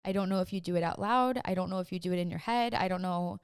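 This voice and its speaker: A young woman with a smooth, clear voice tells a personal story on her podcast, recorded dry and close to the mic. She talks in an earnest, emotional, chatty way, with plenty of "like" in her speech. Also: lowish voice, fast, no echo. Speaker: podcast host.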